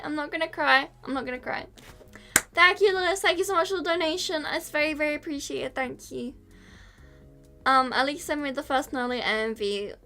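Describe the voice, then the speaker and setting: Woman streamer, high and bright, giggly, emotional, thanking chat. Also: measured pace, pauses often, soft background music. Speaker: VTuber streamer. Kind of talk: casual live-stream chat.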